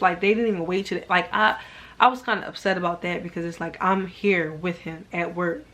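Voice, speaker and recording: Speaking to camera, a young female vlogger shares something personal in a loose, wandering way, with "like" in nearly every sentence. Her voice is fairly low, even, brisk, and a bit bright, and she comes across as sincere and muted.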